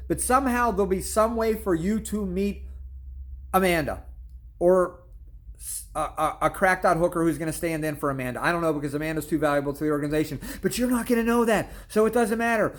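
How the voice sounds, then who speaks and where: A man hosting his own channel, telling stories in a blunt, crude comedic rant and swearing constantly. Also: high voice. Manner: storytelling with repeated "I'm like" asides. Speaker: channel host. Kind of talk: profane comedic rant to camera.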